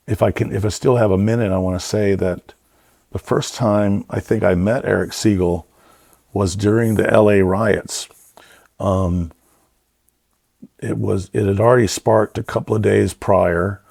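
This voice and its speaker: A middle-aged production designer, appearing as a guest in a casual interview, speaks in a fairly low, gravelly voice. He rambles through warm stories packed with fillers, captured in studio quality with no room sound.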